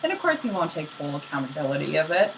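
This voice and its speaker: A young woman casually retelling myths as a podcast co-host, slangy and animated, acting out the characters. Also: sits low, fast talker, noisy background.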